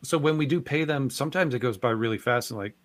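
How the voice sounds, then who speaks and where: Man in mid-range voice, game developer guest, relaxed and wry. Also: mid-range voice, quick pace. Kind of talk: casual podcast chat.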